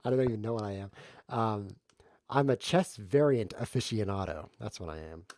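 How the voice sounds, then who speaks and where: A man's voice: on the low side, moderate pace, a little mellow, no room sound. A man streaming a chess variant, joking and mocking himself as he calls his own moves. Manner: jokey self-mocking play-by-play, laughs often. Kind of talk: casual live game commentary.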